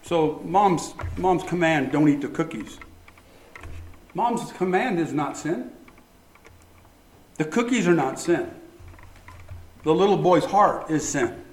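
A man preaching a sermon, animated, asking the congregation rhetorical questions. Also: on the high side, takes it slowly, pauses often. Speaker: pastor. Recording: echoey room.

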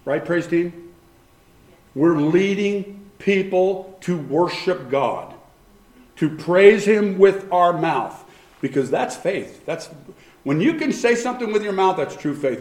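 A male pastor delivering a lively sermon, his voice sitting a little high for a man. He swings between quiet asides and loud, emphatic bursts. The sound carries the echo of a church room. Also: slow pace. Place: church sanctuary.

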